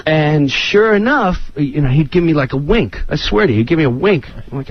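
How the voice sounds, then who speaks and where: A man's voice: on the high side, brisk, highs cut off. A man, a comedian guest on a radio show, telling an anecdote and acting out other people's voices with lots of energy. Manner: acts out other voices, excitable. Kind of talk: animated anecdote on talk radio.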